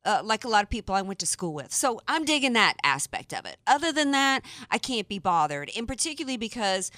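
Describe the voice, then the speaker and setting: A chatty, playful woman hosts a radio talk show, from the American South. Her voice is bright and ringing, and the studio mic sounds dry and close. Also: mid-range voice, very animated, fairly quick, no echo. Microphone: studio microphone.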